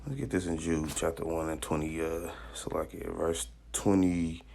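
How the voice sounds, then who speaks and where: Deep-voiced man preaching loosely. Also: normal speed, creaky, darkish tone. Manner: loose, rambling, with many fillers and restarts. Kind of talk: informal street sermon.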